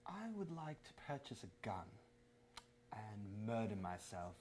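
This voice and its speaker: A man playing a gloomy, deadpan male celebrity in a comedy sketch, mumbling dark lines flatly. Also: on the low side, measured pace, a little hiss or hum, voice pushed down.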